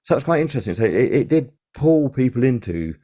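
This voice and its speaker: A man's voice: medium pitch, sing-song, fast talker, mellow. An older man, a former sound supervisor, telling long rambling anecdotes in a casual podcast interview, full of fillers and restarts.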